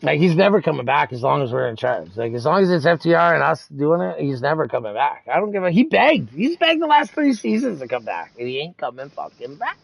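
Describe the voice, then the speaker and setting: An animated man tells profane stories in casual chat. His slightly high voice swoops widely and carries a gravelly edge. The sound is dry and close to the mic. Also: a little fast, few pauses, no echo, poor audio. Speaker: racing league member.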